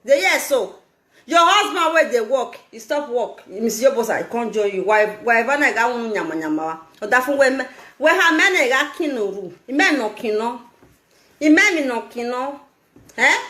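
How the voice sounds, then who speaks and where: Lively high-pitched Nigerian woman vlogger. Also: normal speed, reverberant. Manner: animated, scolding, laughing often. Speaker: live-stream vlogger. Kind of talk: casual live-stream commentary.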